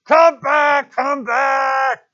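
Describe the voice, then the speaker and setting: A man voicing a desperate boy leader stranded on an island, shouting frantically in a storybook reading. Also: extremely high pitch, steady tone, drawn-out words, pitched above the performer's own voice, full character voice. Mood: frantic. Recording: dull lo-fi recording.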